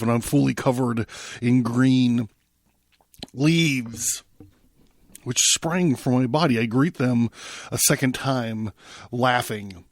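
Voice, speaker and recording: Guy slowly reading a book out loud, dramatic, dry close sound. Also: medium pitch, no echo. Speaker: podcast host reading aloud.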